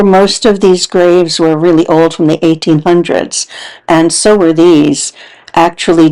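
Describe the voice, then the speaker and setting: Woman, lowish voice, earnest, contemplative, reflective narration. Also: dark tone, smooth, poor audio. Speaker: paranormal investigator host.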